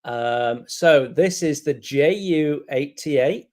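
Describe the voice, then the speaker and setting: A man's voice: on the high side, darkish tone. Joking man calling bids. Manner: joking, teasing, brisk. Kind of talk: casual live-stream chat.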